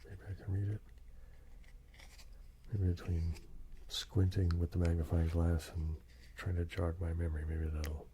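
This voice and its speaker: Older man, soft-spoken ASMR, half-whispered, low voice, rambling with tag questions. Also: little pitch movement, a little slow, long pauses, background noise. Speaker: ASMR host.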